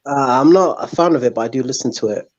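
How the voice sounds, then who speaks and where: Halting man. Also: medium pitch, muffled recording, a little hiss or hum. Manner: halting, with fillers and restarts. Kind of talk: casual chat on a live stream.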